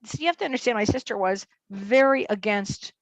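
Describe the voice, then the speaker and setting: Woman medium on an interview, tells her story fast and animated, mid voice, super dry sound. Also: mid-range voice, dry recording. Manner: fast, vivid storyteller who acts out dialogue.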